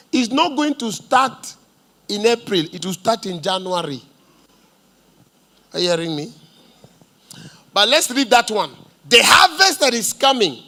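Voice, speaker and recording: A man's voice: high-pitched, sharp tone. A man with a Kenyan accent preaching a prophetic sermon in church, commanding and decreeing, with Swahili asides. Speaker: pastor. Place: church service.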